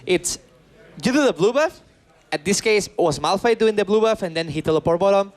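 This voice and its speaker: Excitable high-voiced male esports analyst. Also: fairly quick. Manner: excitable, repeats words, non-native English phrasing. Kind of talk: analyst desk commentary.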